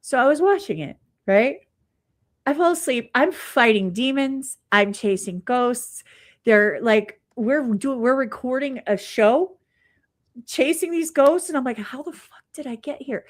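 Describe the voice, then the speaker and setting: A woman with a fairly high voice telling animated stories in casual chat. She swears freely and talks in loose, rambling runs. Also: a little slow.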